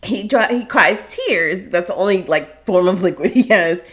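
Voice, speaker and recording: A woman co-hosting a casual podcast chat, animated and laughing, who acts out dramatic voices. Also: mid-range voice, moderate pace. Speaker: podcast co-host.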